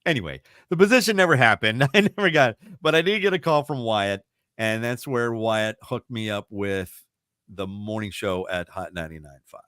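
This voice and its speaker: A man's voice: fairly low pitch, lively intonation, moderate pace, a bit bright, clear, resonant tone, no echo. Chatty man radio broadcaster, dry sound. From Baltimore area. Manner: chatty storyteller, laughs often, many restarts. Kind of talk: casual interview chat.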